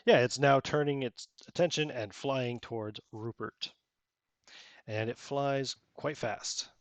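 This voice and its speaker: A man's voice: medium pitch, slow pace, dry recording. A man running a tabletop game as game master, narrating casually and rambling with many fillers.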